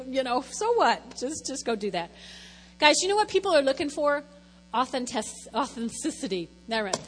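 High-voiced woman giving a rambling church talk. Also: long reverb tail, low-quality recording. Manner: chatty, rambling, self-deprecating. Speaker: lay speaker at church. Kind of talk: informal church testimony talk.

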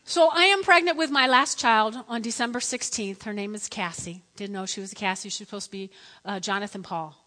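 A middle-aged woman preacher telling a story in a lively, dramatic sermon, acting out the voices in it. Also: mid-range voice, brisk, long reverb tail. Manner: lively, dramatic, acts out quotes.

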